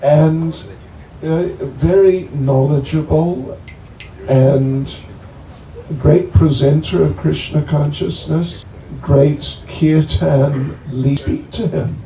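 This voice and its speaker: Man in a relaxed, joking talk to a crowd of devotees: deep, dark tone, slow delivery, sounds distant and echoey with faint background noise. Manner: joking, chatty, slow and rambling. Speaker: swami introducing a guest. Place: bonfire gathering.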